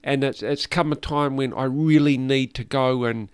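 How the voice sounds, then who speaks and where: A man's voice: medium pitch, fairly even intonation, moderate pace, clean tone, no echo. A man with a New Zealand accent, the guest on a casual chat podcast, telling self-deprecating stories with laughs.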